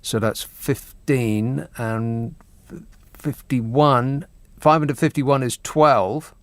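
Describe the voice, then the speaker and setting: A man's voice: mid-range voice, steady tone, slow pace, no echo. A man hosting a radio phone-in, joking in a dry, mock-serious way. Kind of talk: late-night radio banter. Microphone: studio microphone.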